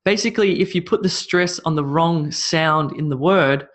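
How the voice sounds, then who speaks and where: A man's voice: on the high side, normal speed, a bit bright. A man teaching English pronunciation, repeating words with shifting stress and laughing off his own slips. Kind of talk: spoken English lesson.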